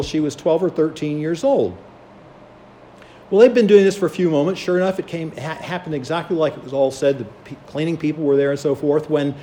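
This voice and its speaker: Storytelling preacher man, slightly high voice. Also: darkish tone, a little hiss or hum. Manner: storytelling, acts out quoted voices. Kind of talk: sermon.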